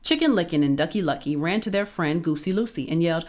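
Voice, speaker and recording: A woman's voice: on the low side, lively intonation, fast, hardly any pauses, a little mellow. Playful woman reading a storybook aloud. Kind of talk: reading a children's book aloud.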